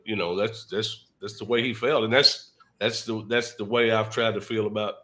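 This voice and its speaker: A man's voice: lowish voice, steady tone, normal speed, sharp tone. A man telling a family story in a casual talk show chat, in a folksy way, often repeating his words.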